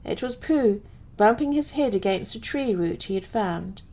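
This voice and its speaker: A woman from England, slowly and expressively reading a bedtime story in a soothing way. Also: mid-range voice, lively intonation, mellow, rough recording.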